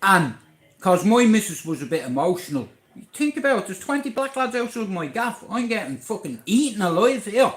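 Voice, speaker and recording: High-voiced Irish man telling stories. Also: moderate pace, reverberant. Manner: blunt, swearing, animated storyteller. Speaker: livestreamer. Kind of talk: profane storytelling on a livestream.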